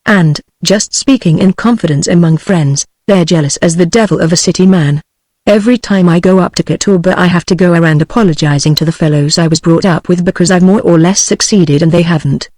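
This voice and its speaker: A British-accented text-to-speech woman voicing a boastful middle-aged male businessman in a novel, delivered flatly. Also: on the low side, brisk, no echo, close to an everyday voice. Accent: British English. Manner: flat synthetic delivery of dialogue.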